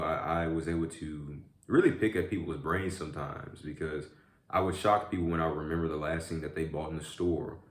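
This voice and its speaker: A man with a very deep, low voice chats casually as he eats, rambling through a story with lots of filler words. The room around him is echoey. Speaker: vlogger. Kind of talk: casual chat while eating.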